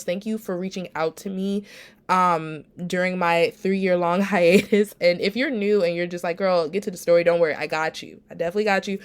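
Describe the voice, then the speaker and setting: A woman hosts a casual storytelling podcast, talking to her listeners like friends and calling them y'all. Her voice sits a little low and sounds stuffy and congested from a cold. She records without a proper microphone. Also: smooth. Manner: chatty and familiar, addresses listeners as y'all. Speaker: podcast host.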